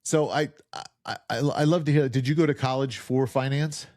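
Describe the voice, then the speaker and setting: A man's voice: medium pitch, fairly even intonation, moderate pace, darkish tone, no room sound, clean studio sound. A man hosting a podcast, chatting casually and telling jokey stories. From New Jersey. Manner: chatty, joking, storytelling. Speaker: podcast host. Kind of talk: casual interview chat.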